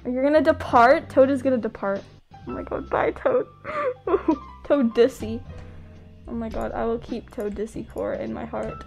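She's a young US West Coast streamer, giggly and chatting casually with her viewers, laughing often. Her fairly high voice holds a steady tone at normal speed, darkish and with vocal fry, while faint music plays behind her.

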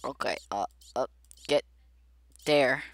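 A woman's voice: rumbling low, slow pace, creaky, dry recording. A woman giving casual gameplay commentary, chatty and jittery, pleading aloud with the characters and talking to her viewers. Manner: addresses viewers directly. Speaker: gameplay video creator.

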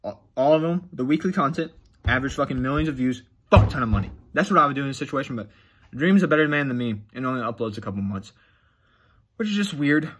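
A male vlogger rants at the camera, swearing through nearly every sentence. His voice is bright and husky, and his pitch swings widely as he gets exasperated. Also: expressive, fast talker. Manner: heavy swearing, blunt, exasperated. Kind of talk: casual profane rant to camera.

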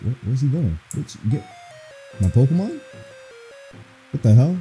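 A man's voice: mid-range voice, very animated, a little slow, long pauses, mellow, faint music behind. A man playing a horror game on video, reacting with crude, profane jokes. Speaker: gaming video host. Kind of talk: let's play commentary.

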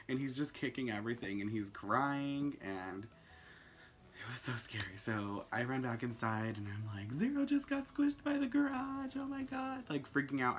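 A young man telling a story in a casual, animated way, full of "like" fillers and swearing. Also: on the low side. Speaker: vlogger.

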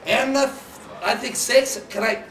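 Goofy high-voiced man hamming it up. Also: a little slow, echoey room, distant mic, a little hiss or hum. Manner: hammy, excitable, shouts and whoops between jokey asides. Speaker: mascot show host. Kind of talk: goofy comic award announcement.

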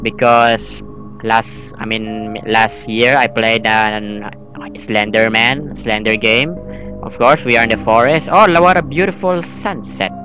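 A man giving rambling horror gameplay commentary as a channel host, excitable and breaking into yelps and screams. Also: fairly low pitch, measured pace, music in the background, low-quality recording.

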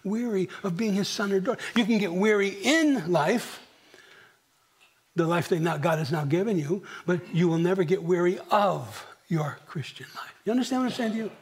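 A middle-aged male pastor preaching a sermon, swinging from near whispers to emphatic questions and clearing his throat often. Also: sits high, moderate pace. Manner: dramatic, dropping to near whispers and rising for emphasis; asks the congregation rhetorical questions. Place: church.

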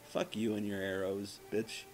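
A man's voice: lowish voice, flat delivery, a little slow, darkish tone, faint music behind. A man casually commenting on his gameplay, profane and self-mocking, trash-talking the game's enemies. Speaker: let's play gamer.

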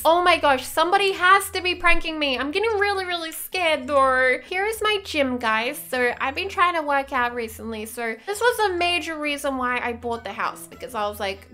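A woman with a very high voice narrates her gameplay in character. Her tone is bright and sharp, and she keeps gasping and sounding frightened as she plays along. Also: normal speed, few pauses, faint music behind. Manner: excitable, gasping, scared-sounding play. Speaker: gaming YouTuber. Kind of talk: role-playing while playing a game.

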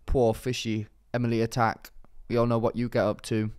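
A man's voice: mid-range voice, monotone, brisk, darkish tone, smooth, no room sound, studio quality, close to an everyday voice. A man putting on a put-on London roadman accent, voicing a cocky young male street type with slangy, swaggering delivery.

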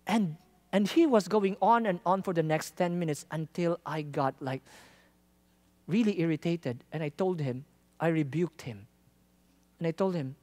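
A man from the Philippines, a traveling missionary telling a lively testimony in a sermon, laughing often and acting out the people in his story. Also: high voice, moderate pace. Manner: animated, laughs often, acts out quoted lines.

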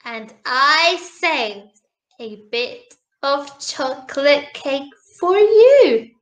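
A woman voicing a kind, mischievous little boy prince, speaking gently and confidingly. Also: sits high, very animated, extremely slow, echoey room, heavily acted.

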